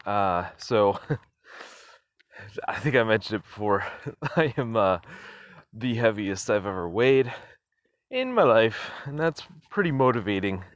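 A man's voice: fairly low pitch, animated, takes it slowly, long pauses, no echo. A man hosting his own podcast, talking casually and rambling off on tangents, chuckling often with plenty of fillers, recorded on a phone. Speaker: podcast host. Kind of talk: casual solo podcast monologue.

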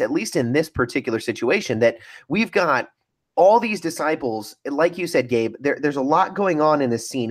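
A man in a casual theology chat, talking reflectively and recalling how he pictures a scene. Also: mid-range voice. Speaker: podcast co-host.

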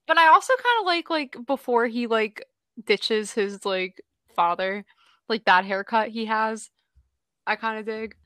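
A woman's voice: on the high side, animated, unhurried, fairly bright tone, no echo. A young woman chatting casually on a voice call, giggly and full of "like". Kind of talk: casual chat. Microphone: voice chat call.

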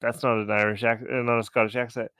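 A man's voice: mid-range voice, fast talker, no echo, clean studio sound. A man co-hosting a podcast, recapping a cartoon episode in loose, swearing, laughing chat. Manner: animated, swearing, laughing storyteller. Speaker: podcast co-host.

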